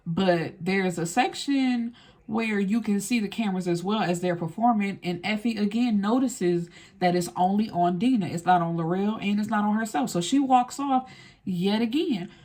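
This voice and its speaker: Woman doing a film recap, blunt and slangy, cusses a lot, super animated. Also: mid-range voice, moderate pace. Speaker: film reviewer.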